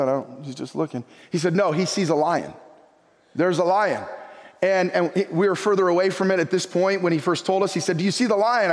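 A middle-aged man preaching a sermon and telling a personal story in an animated way, often repeating his words. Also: high-pitched, in a large hall. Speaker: pastor. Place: church sanctuary.

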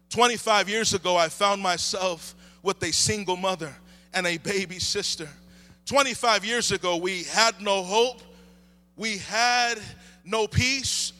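A man in his thirties delivers a sermon with impassioned emphasis. His voice sits somewhat high and rings with a bright, forward edge. He leans into repeated refrains as he builds. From United States. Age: 30s. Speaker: preacher. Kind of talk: sermon with opening prayer.

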